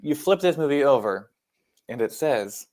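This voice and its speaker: A man's voice: mid-range voice, expressive, normal speed, darkish tone. A man with an American accent, co-hosting a podcast in casual, jokey chat, swearing freely and laughing at himself. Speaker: podcast co-host.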